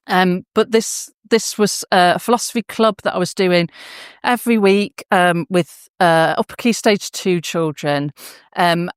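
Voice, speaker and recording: A woman's voice: mid-range voice, clean tone, no room sound, clean studio sound. A woman giving a conference talk to teachers, telling emotional classroom anecdotes with frequent restarts and fillers. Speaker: conference speaker. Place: conference hall.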